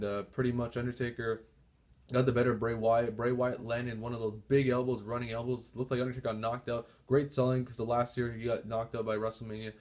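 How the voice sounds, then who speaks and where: A young man giving a casual, rambling recap of a wrestling show, repeating himself often. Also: medium pitch. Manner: excited, overjoyed shouting. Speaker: wrestling fan vlogger reviewing a show.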